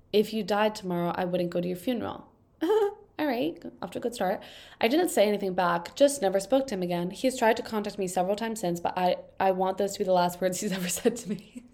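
A young woman with a stuffed-up, congested voice, casually reading confession posts aloud and chatting through them with quick, wry asides. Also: lowish voice, darkish tone. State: congested from allergies. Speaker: video host reading and reacting to confession posts.

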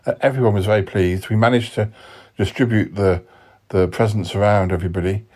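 Male host, hesitant comic storyteller, lowish voice. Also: steady tone, darkish tone, breathy edge. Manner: hesitant, halting, polite. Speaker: podcast host. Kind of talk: comedy storytelling.

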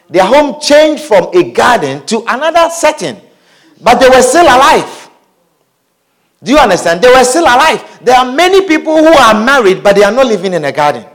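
A man's voice: sits high, fairly bright tone. A man preaching a sermon, reading scripture aloud, repeating phrases and asking the congregation questions.

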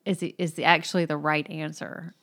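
A woman's voice: low voice, flat delivery, normal speed, a bit bright. Thoughtful woman chatting about a book. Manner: thoughtful, laughs often, trails off. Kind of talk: casual book discussion.

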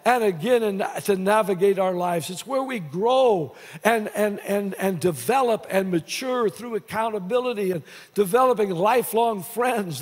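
High-voiced preaching man in a reverberant hall. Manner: preaching with many restarts and repeated words. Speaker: pastor. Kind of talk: sermon.

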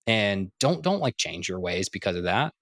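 Male podcast co-host, low voice, dry close mic, lively with restarts. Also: normal speed, no echo. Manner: animated, stumbling restarts, laughs often. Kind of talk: casual podcast chat.

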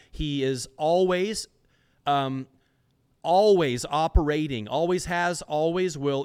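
A man hosting a Bible teaching podcast, who stresses key words slowly and forcefully and repeats phrases for emphasis. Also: fairly high pitch, smooth.

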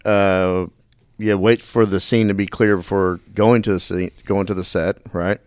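Male podcast host, very low voice, dry mic, easygoing and chatty. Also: measured pace, clear, resonant tone, dry recording. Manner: relaxed, drawling, says y'all. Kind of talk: casual interview.

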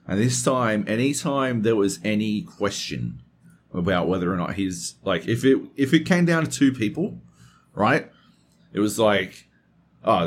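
A man's voice: fairly low pitch, slight background noise. A man hosting a podcast in casual chat, swearing constantly and getting worked up as he tells a story. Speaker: podcast host.

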